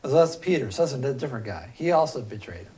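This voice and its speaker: A man teaching a philosophy class, talking loosely and thinking aloud with frequent pauses and fillers. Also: mid-range voice, very animated, a little mellow. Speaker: philosophy instructor. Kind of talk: classroom lecture.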